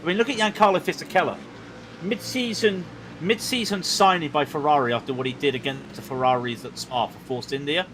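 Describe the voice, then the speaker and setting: A man commentating on a sim racing stream, chatty and excitable with quick asides. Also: fairly high pitch, background noise. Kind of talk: live race commentary chat.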